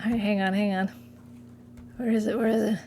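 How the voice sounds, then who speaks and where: A woman's voice: medium pitch, level tone, brisk, dark tone, slight background noise. A woman livestreaming in casual chat, giggly and a little scattered as she talks to herself and her chat. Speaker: streamer.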